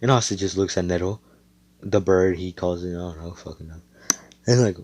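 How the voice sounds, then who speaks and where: A man's voice: sits low, fairly quick, long pauses, darkish tone, no echo. A man casually retelling an imagined anime storyline, rambling with slang and lots of swearing. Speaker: fan storyteller.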